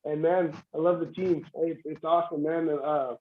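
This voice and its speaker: High-voiced man rambling on a call. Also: fairly even intonation, moderate pace, phone-quality sound. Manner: rambling, repeats words, laughs often. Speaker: guest arm wrestler. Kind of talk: casual livestream chat.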